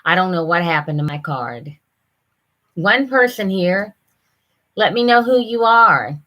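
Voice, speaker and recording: An older woman, chatting casually on a live stream, rambling and halting with lots of fillers. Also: lowish voice, lively intonation, pushed and bright. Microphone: computer camera mic.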